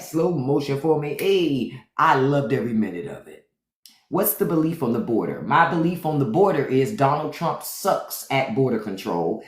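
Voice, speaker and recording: A woman's voice: extremely low pitch, roomy sound. A woman hosting a live stream, chatting bluntly and sassily to her viewers and brushing off trolls. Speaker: livestream host. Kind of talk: unfiltered live-stream chat. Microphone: phone for a live stream.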